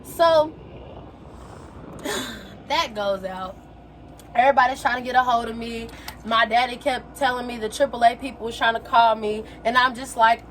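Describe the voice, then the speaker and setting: A young woman telling a story in a casual, animated way, full of slang and quoted exclamations. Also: fairly high pitch, moderate pace, slight background noise. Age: young adult. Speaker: vlogger. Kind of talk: casual storytelling while getting ready.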